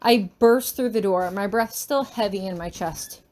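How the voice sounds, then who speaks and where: A woman's voice: mid-range voice, measured pace, darkish tone. A woman reading a first-person fan story aloud, emotional and urgent, with a shaky voice in tense moments. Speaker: fanfiction reader.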